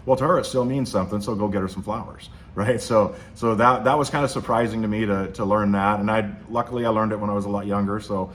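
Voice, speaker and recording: Man, host, lowish voice, casual motivational talk, rambling, restarts. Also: fairly even intonation, quick pace, hardly any pauses, slight background noise. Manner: rambling, with many restarts and fillers.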